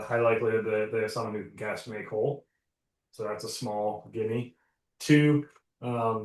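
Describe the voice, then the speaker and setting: A man plays a tabletop game and lays out his reasoning step by step for the group. His voice comes from a distance in an echoey room. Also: lowish voice. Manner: thinking aloud, listing points. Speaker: player. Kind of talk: tabletop game strategy chat. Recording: roomy sound from a distant mic.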